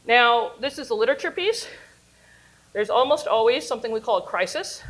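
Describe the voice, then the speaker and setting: A woman with a slightly high voice teaches a class on storytelling. She is animated and playful, cheering and booing along with the plots she retells and laughing at her own asides. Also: fairly quick, low-quality recording. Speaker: university teacher giving a workshop class. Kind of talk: lively lecture with storytelling.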